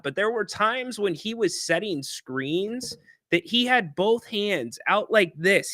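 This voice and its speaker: Male sports host, animated and chatty with a punchy bright voice, dry room sound. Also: high-pitched, no room sound. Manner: animated, chatty, reads viewer chat aloud. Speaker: sports talk show host. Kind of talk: casual sports talk livestream.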